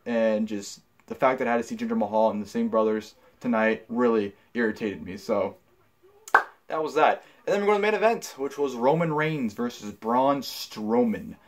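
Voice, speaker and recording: A man's voice: mid-range voice, expressive, moderate pace. A young man giving a casual spoken review, rambling with many fillers and restarts, blunt and profane when annoyed. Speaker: wrestling show reviewer.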